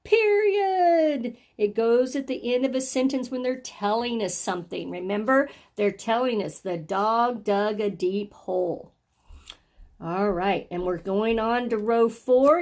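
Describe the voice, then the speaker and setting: Sounding out each word slowly, a woman teaches phonics and handwriting to young children and encourages them along. Her voice is on the high side with a darkish tone.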